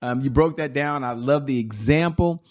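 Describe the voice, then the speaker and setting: A man's voice: medium pitch, normal speed, dry recording. Affirming male interview host, dry sound. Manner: affirming, enthusiastic, speaks to the audience. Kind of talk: interview chat.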